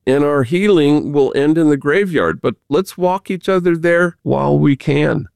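A man who is a Jesuit priest, talking earnestly with gentle humor as an interview guest and telling stories. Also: fairly high pitch, unhurried, vocal fry, clear, resonant tone, no room sound, studio quality. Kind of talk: conversational storytelling interview.

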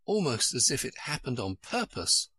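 A man's voice: medium pitch, big pitch swings, moderate pace, sharp tone, slightly rough, dry recording, heavily acted. A man voicing a polite, curious little girl who pleads eagerly and keeps asking questions.

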